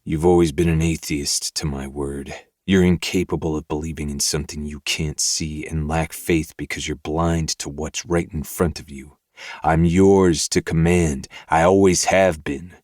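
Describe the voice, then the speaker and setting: A dark, possessive lover speaks in a very deep, slow, menacing purr, as a woman narrator puts him on. His voice sits low and close, in a dry, dead room. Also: steady tone, no echo. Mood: intense. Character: dark, possessive, commanding adult man lover. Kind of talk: audiobook narration.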